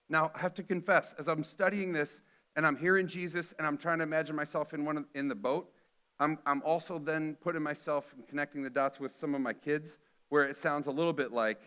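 A man's voice: a little high, steady tone, fairly quick, sharp tone, smooth. A middle-aged man preaching a sermon earnestly, acting out the quoted lines with feeling. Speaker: pastor.

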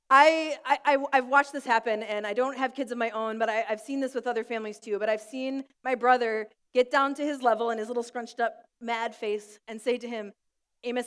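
A woman pastor preaching in a hall that leaves a long tail of reverb behind each phrase. Her voice sits a little high, and she tells stories with easy laughter in between. She sounds like a young adult. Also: clear, resonant tone. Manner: warm storytelling with light laughs. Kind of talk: sermon with prayer. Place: school room used for church.

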